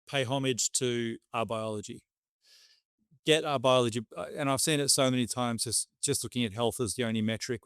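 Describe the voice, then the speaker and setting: A man hosting a conversational interview, speaking thoughtfully and reflectively, with a self-deprecating touch and halting restarts. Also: medium pitch, smooth, dry recording, studio quality. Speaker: podcast host.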